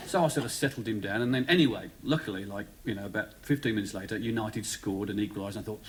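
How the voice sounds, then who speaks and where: A man's voice: on the low side, quick pace, few pauses, heavy background noise. A man with a Birmingham accent telling a story on stage as a stand-up comedian, rambling and chatty with lots of "you know". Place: TV studio before a live audience. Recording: 1970s TV studio recording, loud audience laughter.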